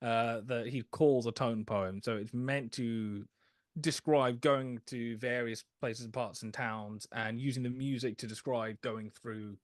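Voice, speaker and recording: A man's voice: medium pitch, steady tone, unhurried, no room sound, studio quality. A man casually talking through an old musical film as a podcast co-host, hesitant, with many fillers and restarts. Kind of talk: casual film review chat.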